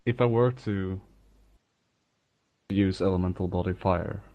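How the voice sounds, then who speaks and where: Hesitant low-voiced man asking about rules. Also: unhurried, no room sound, muffled recording. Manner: hesitant, questioning. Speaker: player. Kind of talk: tabletop game chat.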